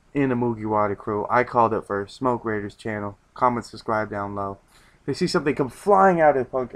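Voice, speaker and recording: A man reviewing in a loose casual chat, rambling with many restarts and casual swearing. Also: mid-range voice.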